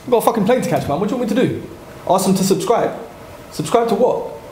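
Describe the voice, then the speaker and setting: A man putting on the voice of an impatient older male radio DJ, loud and brusque, in an echoey room. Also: high-pitched, animated, fast, background noise. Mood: irritated.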